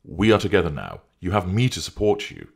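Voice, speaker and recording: A man's voice: low voice, wildly swooping pitch, brisk, creaky, darkish tone, husky, voice pushed up, heavily acted. A man voicing an anxious, pleading man who is desperate to hold on to his partner, in an audiobook reading. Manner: pleading, defensive.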